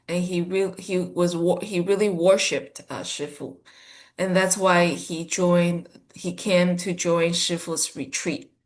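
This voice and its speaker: A woman interpreting a monk's talk into English over a video call, halting with many ums and restarts. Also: on the low side. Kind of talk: consecutive interpreting of a dharma talk.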